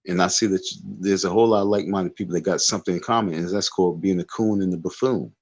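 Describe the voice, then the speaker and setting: A man with a lowish voice rants casually on a livestream, repeating himself emphatically and drawing out every word of insistence. The audio is dull and lo-fi, like a cheap stream mic. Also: steady tone, a little mellow. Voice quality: repetitive, emphatic. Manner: dismissive, drawn-out insistence. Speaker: live streamer.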